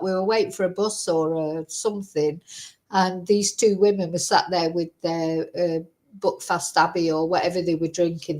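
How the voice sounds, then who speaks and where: A woman's voice: fairly low pitch, a little mellow. A woman from England with an English accent, chatting casually and telling rambling stories while reacting to a news clip. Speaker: vlogger.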